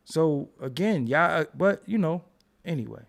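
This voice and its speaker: Ranting on his commentary channel, this young host is blunt and profane, circling back to the same points. He speaks unhurriedly in a fairly high, expressive, gravelly voice.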